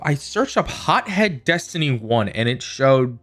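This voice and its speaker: A man talking casually to viewers while he plays on a live game stream, playful and quick to slip into silly voices. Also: mid-range voice, very animated, fairly bright tone, soft background music.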